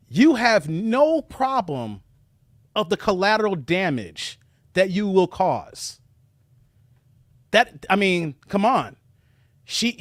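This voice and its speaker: A man from Chicago hosting a reaction commentary livestream, talking straight to his viewers in a mocking, animated way. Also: sits high, no echo, studio quality. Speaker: commentary show host.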